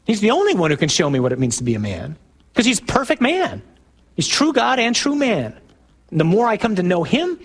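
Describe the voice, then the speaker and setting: A middle-aged man, a Catholic priest, giving an emphatic, conversational talk to a parish group, putting questions to the audience and rising to loud bursts on key points. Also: high voice.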